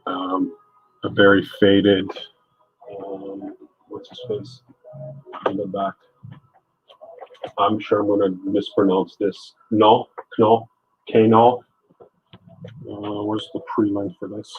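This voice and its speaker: A man's voice: on the low side, completely flat delivery, slow pace, pauses often, slightly rough, phone-quality sound. A man live-streaming his art, chatting casually and joking with his chat as he works. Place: home art studio.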